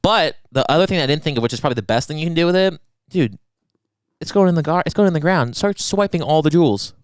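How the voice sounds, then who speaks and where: Fast-talking young man telling crude stories. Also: a little high, clean tone, no room sound, studio quality. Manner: crude, animated storytelling with acted-out self-quotes. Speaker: podcast co-host. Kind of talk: casual podcast banter.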